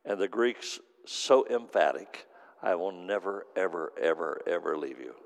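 Male preacher, very deep and gravelly, earnest sermon delivery in a church. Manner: speaks in tongues, then earnest testimony; quiet, heartfelt storytelling.

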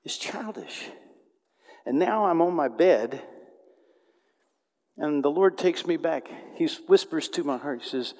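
A man preaching a storytelling sermon, swinging between loud outbursts and hushed tones. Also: fairly high pitch, unhurried, long pauses, big-room sound.

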